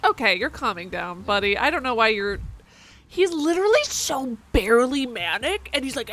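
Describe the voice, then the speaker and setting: A woman's voice: on the high side, sing-song, moderate pace, fairly bright tone. A woman streamer playing a video game, joking, swearing and talking back to the characters as she reads their lines aloud. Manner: jokey, swears freely, talks back to the game. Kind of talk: casual let's-play commentary, reading game dialogue aloud.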